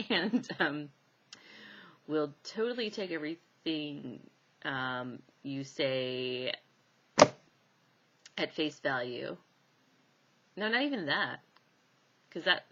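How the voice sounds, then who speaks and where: Woman hypnosis teacher, low voice with a bright, forceful edge, chatty and laughing often, slightly dull recording. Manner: chatty and animated, laughing often, many fillers. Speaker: hypnosis instructor. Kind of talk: casual teaching talk to camera.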